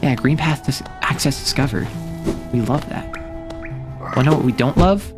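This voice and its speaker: A man's voice: medium pitch, normal speed, music in the background. A man chatting casually while streaming a game, rambling and saying "like" often. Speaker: VTuber streamer. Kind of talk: casual gameplay stream commentary.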